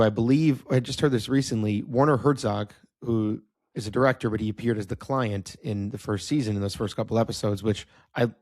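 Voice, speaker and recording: A man's voice: medium pitch, a little mellow, no room sound, studio quality. A man co-hosting a film podcast, giving his opinions in a candid, offhand way and swearing casually. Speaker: podcast co-host. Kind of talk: casual film review chat.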